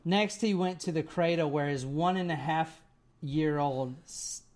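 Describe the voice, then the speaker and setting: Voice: medium pitch, a little slow, a little mellow. A person telling a story to friends in a casual, rambling way, with many "like"s and "right?"s.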